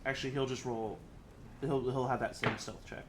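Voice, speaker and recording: A man's voice: medium pitch, steady tone, moderate pace, noisy background. A man narrating a tabletop game as game master, casual and laid-back, chuckling often.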